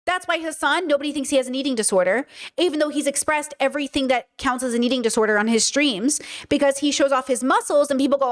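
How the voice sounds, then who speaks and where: A woman's voice: high-pitched, quick pace. A woman in her thirties giving casual commentary as a video essayist, stressing points by repeating words.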